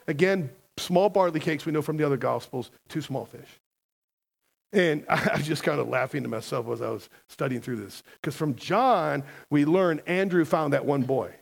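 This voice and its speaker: A man's voice: a little high, vocal fry. A man preaching a sermon as a pastor, emphatic and conversational, often asking the congregation questions.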